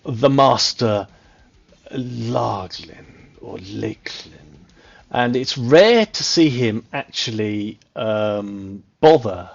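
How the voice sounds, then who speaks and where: A man narrating a tabletop game as game master, describing scenes with many pauses and fillers. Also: mid-range voice, gravelly, highs cut off. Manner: hesitant, many ums, describing slowly.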